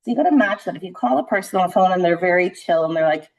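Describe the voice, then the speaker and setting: Woman sales coach, lowish voice, quick animated delivery, conversational teaching tone with lots of check-ins. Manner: fast-talking and animated; conversational, frequent "right?" checks. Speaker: real estate trainer. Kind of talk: live sales training session.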